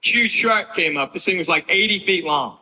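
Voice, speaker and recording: A man's voice: high-pitched, lively intonation, moderate pace, pushed and bright. A man telling a rambling stand-up story, firing mock-defensive asides at the audience. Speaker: stand-up comedian. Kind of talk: stand-up comedy routine.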